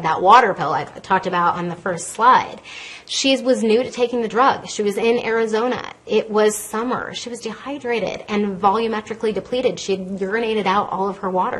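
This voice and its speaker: A woman speaks from a stage podium with a somewhat husky voice, pitched in a medium range. She talks with a quick, lively, conversational manner, teaching an audience about medications. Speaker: pharmacist giving a public health talk. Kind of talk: lecture to a live audience from a stage. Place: stage in a lecture hall. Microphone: podium microphone.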